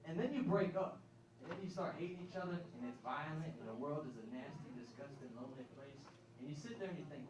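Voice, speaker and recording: A man's voice: on the high side, expressive, fast talker, far from the mic. A man doing a loose stand-up set in a retirement home, teasing the audience. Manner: loose, crowd-teasing delivery. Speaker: stand-up comedian. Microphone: handheld mic on a stand. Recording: echoey room taped from afar, audience noise.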